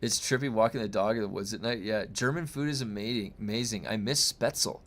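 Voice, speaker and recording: Streamer type: young man, slightly low voice, loose rambling chat with his audience. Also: fairly quick, a bit bright. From United States. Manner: rambling, chatty, with frequent fillers and restarts. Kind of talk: casual chat reading viewer comments.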